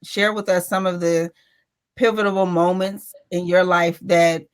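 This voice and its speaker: Low-voiced woman interviewer. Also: fairly even intonation, measured pace, clean tone. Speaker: interviewer, host.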